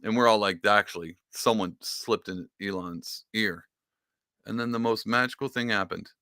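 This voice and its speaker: A man hosting a podcast, giving casual political commentary in an excitable, sarcastic rant whose pitch swings up and down. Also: normal speed, dry recording, studio quality. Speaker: podcast host.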